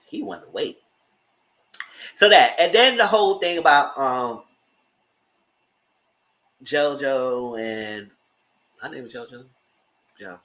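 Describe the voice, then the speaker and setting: A man's voice: takes it slowly, long pauses. A man hosting a channel, recapping TV episodes in casual, gossipy commentary, swearing freely and jumping into squealed exclamations. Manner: animated, gossipy retelling with frequent swearing; breaks into high squealing exclamations. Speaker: TV show reviewer and channel host.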